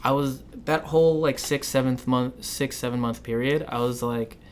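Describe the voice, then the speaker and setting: A man's voice: mid-range voice, fairly even intonation, normal speed, darkish tone, a little hiss or hum. Rambling, swearing young man. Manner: loose, rambling storytelling with frequent swearing. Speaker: podcast co-host. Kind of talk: casual chat.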